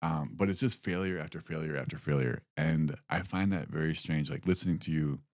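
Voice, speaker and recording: A man with an extremely deep voice talks casually on a podcast, starting and restarting his sentences. He is self-deprecating and unhurried. The sound is dry and close to the mic. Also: no echo. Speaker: podcast co-host. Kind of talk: casual chat.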